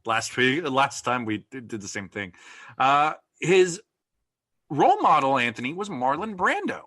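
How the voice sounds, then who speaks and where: A man's voice: medium pitch, sing-song, measured pace, a bit bright, no echo, clean studio sound. A man co-hosting a podcast, chatting casually with playful, jokey banter. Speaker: podcast co-host. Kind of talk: casual chat.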